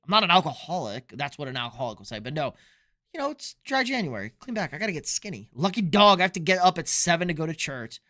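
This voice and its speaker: Young guy, sports streamer, sharp high voice, loose and profane, a few beers in. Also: sing-song, fast talker. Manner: loose, profane, reads chat questions aloud. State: drinking beer. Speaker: sports streamer answering chat. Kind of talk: casual live-stream chat.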